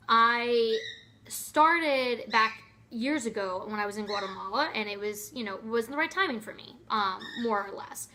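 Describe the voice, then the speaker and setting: A young woman giving an earnest, expressive motivational talk to camera, with many fillers and restarts. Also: on the high side, slight background noise. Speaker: motivational vlogger.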